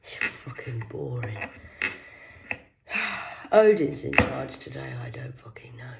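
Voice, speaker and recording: A woman from Cornwall, talking alone to camera in a rambling, profane monologue that veers between hushed whispers and loud outbursts. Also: extremely low pitch, very animated, slow pace, gravelly, very noisy. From Cornwall, England.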